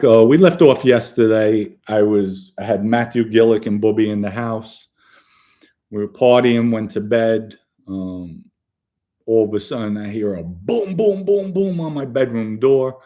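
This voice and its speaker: Man, podcast host; low, mellow voice; blunt, profane storyteller who acts out quotes. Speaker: podcast host telling crime stories. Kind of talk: casual storytelling monologue.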